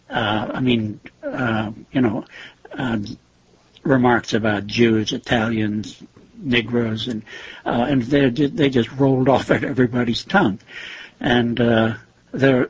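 An older man, a former teacher, recalling old acquaintances in an interview, halting with fillers and soft chuckles. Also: mid-range voice. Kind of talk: reminiscing interview. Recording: dull lo-fi recording.

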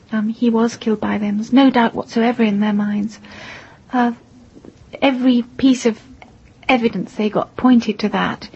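Husky woman, measured and composed. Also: a little high, darkish tone. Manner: measured, composed, careful recounting. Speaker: interviewee, widow of the victim. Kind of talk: interview answers. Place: in London. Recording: dull lo-fi broadcast audio.

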